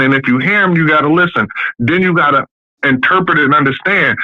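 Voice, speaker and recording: A bluntly ranting man with a fairly high voice, swearing freely. The sound is dull and lo-fi, dry, like a call-in. He talks from a bathroom at home. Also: no echo. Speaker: podcast guest. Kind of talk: casual opinionated chat.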